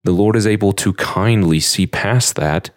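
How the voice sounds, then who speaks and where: A man with a low, deep voice gives a reflective scripture lesson, earnest and musing. He reads verses aloud with feeling, recorded dry and close with no room sound. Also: moderate pace, no room sound. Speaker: podcast host teaching a scripture lesson.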